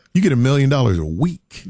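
A man's voice: medium pitch, warm tone, husky, no echo. Brief: male talk host, playful storytelling, dry voice. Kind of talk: casual talk show chat.

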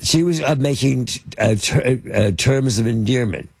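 Gravelly older man telling stories. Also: mid-range voice, a little mellow, no room sound. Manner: halting, lots of fillers and restarts. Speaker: interview guest, film producer and actor. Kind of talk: anecdotal storytelling in conversation.

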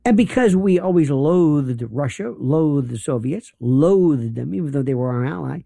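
A man's voice: fairly high pitch, expressive, normal speed, vocal fry, warm tone, no echo, studio quality. An American man hosting a late-night call-in radio show, delivering a rambling, digressive and emphatic monologue. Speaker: radio talk show host.

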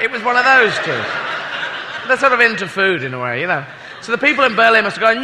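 A man's voice: very high-pitched, animated, quick pace. A male stand-up comedian telling a rambling, self-mocking story in front of an audience. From Britain. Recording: echoey hall, audience noise.

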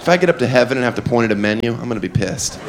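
A man performing a stand-up set on a comedy club stage, dry and deadpan, often breaking into his own laughter. His voice sits in an ordinary middle range through a handheld mic. The live recording carries clear background noise. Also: mid-range voice, racing, some chatter behind.

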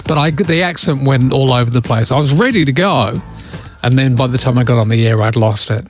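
A man's voice: mid-range voice, brisk, soft background music. A middle-aged Australian man hosting overnight talkback radio, chatty and self-deprecating, rambling with fillers. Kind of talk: casual talkback radio chat. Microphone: studio broadcast microphone.

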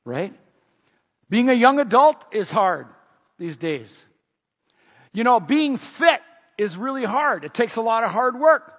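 An older pastor preaches in a high, husky voice. He talks in a folksy, conversational way and leans on emphatic repetition. His voice is recorded dull and lo-fi, with long reverb from a church hall. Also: very animated, takes it slowly, long pauses, a bit bright. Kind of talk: sermon. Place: church sanctuary.

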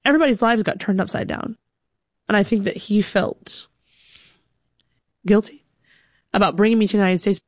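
A woman telling a personal story on stage, animated and quick, often jumping into character voices. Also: medium pitch, no echo, clean studio sound.

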